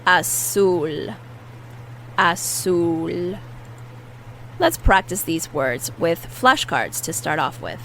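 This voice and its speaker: A woman's voice: low-pitched, sing-song, unhurried, vocal fry, few pauses, pushed and bright, a little hiss or hum, low-quality recording. A woman teaching a language lesson, patiently repeating each word and explaining how to pronounce it. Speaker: Spanish teacher. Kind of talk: vocabulary lesson with repetition drills.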